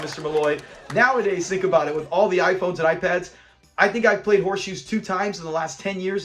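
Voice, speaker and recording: A man hosting a casual episode review, animatedly retelling scenes and acting out characters' lines. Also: high-pitched. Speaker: host of a sitcom review channel.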